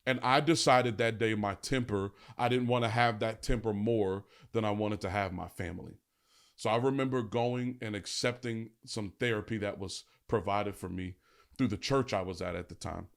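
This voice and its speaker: A man with a fairly low voice talks straight into the podcast mic. He tells a personal story in a candid, emphatic style and drops casual slang along the way. It sounds like a podcast host speaking from the heart. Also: moderate pace, gravelly. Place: podcast filming set.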